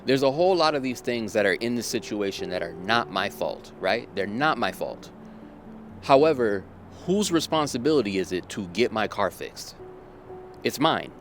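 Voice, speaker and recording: A man with a lower voice tells a personal story as a motivational lesson. He speaks emphatically and circles back to the same phrases again and again. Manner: emphatic and repetitive, drives points home. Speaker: motivational vlogger.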